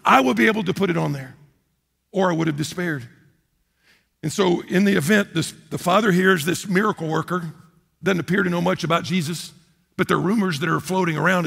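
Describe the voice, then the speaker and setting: High, gravelly preacher in a reverberant hall. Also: male voice. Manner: impassioned preaching, swinging from loud to hushed. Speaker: pastor. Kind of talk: sermon.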